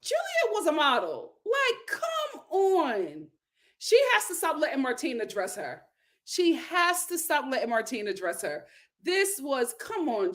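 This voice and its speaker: A woman hosting a casual reality TV recap, talking in an animated, exclamatory way with lots of incredulous reactions. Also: high voice. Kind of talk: casual chat.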